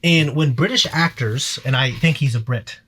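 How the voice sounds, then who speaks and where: A man's voice: mid-range voice, moderate pace, fairly bright tone, slightly rough. A man hosting a casual post-episode reaction discussion, rambling with frequent restarts and casual swearing. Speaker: reaction channel host.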